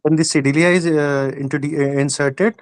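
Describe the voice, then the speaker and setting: A man's voice: on the high side, fairly even intonation, fairly quick, clear, resonant tone, dry recording. Hesitant male student. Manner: hesitant, many fillers, searching for words.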